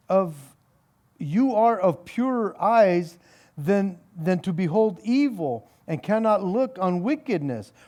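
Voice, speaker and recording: A man leads a relaxed evening Bible study as its pastor, his voice sitting high for a man. He moves slowly and deliberately through the scripture reading. Then he unpacks it in a chatty, wry way, with small chuckles and doubled-up words. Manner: reads scripture aloud, then talks it through with wry sarcasm; frequent repeated words and chuckles. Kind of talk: conversational Bible study sermon.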